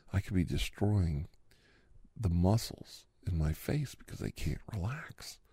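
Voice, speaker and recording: A man with a deep, dark, husky voice carries this whispered role-play, his words loose and rambling as he drifts between a soft murmur and a breathy whisper. The close mic keeps the sound dry and intimate. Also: no echo. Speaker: ASMR podcast host. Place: quiet room near railway tracks.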